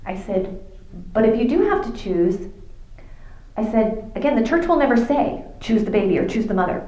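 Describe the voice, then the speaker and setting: A woman's voice: on the high side, lively intonation, moderate pace, dark tone, highs cut off. A middle-aged woman, telling a faith story to a youth audience and acting out the dialogue. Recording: echoey room.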